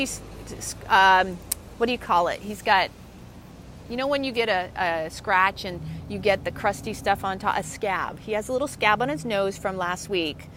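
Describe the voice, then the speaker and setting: Outdoors by a waterfront, a woman co-hosts a casual online live show, chatting warmly and effusively and greeting viewers by name. Her voice is medium-pitched at a normal speed, but the audio is poor, with clear traffic noise, outdoor ambience and passing vehicles.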